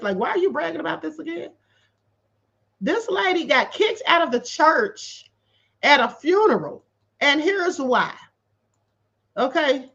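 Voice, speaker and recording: A woman hosting a casual commentary livestream, sassy and animated, calling her viewers honey and reading out their comments. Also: high voice, muffled recording.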